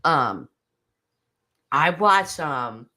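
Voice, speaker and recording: A woman's voice: low voice, very animated, drawn-out words, pushed and bright. A woman hosting a casual livestream chat, gushing and chatty, wandering off on tangents and laughing often. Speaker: host.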